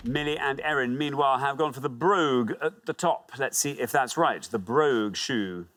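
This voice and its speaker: A man hosting a TV quiz show, reading clues crisply and announcing scores. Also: medium pitch, moderate pace. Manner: lively, reads clues crisply. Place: TV studio.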